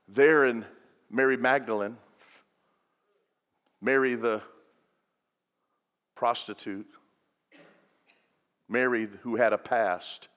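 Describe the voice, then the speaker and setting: A man preaching a sermon as pastor, swinging between loud and hushed delivery. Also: medium pitch. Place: church sanctuary. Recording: long reverb of a large hall.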